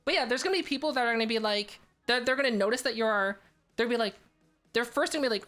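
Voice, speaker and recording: Chatty woman streamer, high voice. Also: fast talker, fairly bright tone, soft background music. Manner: rambling, filler-heavy, restarts often. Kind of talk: casual live-stream chat.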